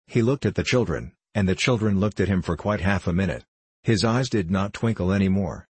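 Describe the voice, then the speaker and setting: A man narrating a classic children's novel as an audiobook, in a measured, even storytelling manner. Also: sits low, husky, no room sound.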